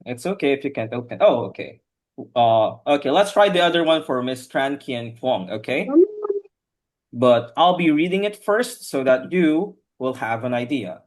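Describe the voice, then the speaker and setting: A man's voice: medium pitch, expressive, moderate pace. A man teaching an online English class over a video call, patient and repetitive, often saying "okay" as he guides learners.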